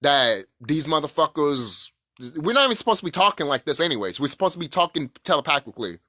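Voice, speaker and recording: A man's voice: fairly high pitch, very animated, quick pace, bright, forceful tone, no room sound, clean studio sound. A man ranting to camera in a rambling, profane, emphatic way about spiritual ideas. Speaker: vlogger. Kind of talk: casual spiritual rant to camera.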